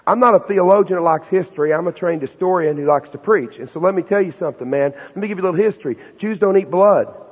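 A man preaching a sermon to students in a folksy, animated, slangy storytelling manner. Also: high voice, fast talker, breathy edge. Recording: dull recording with long hall reverb.

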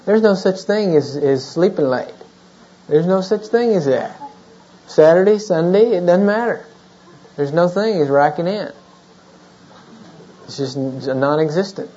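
A man in his thirties delivers a sermon with a mellow, warm voice and a chatty way of preaching, tossing in "you know?" again and again. The sound is muffled and lo-fi, like an older tape of a church service. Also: sits high, lively intonation, measured pace, pauses often. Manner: conversational preaching with frequent "you know?" asides. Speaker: pastor.

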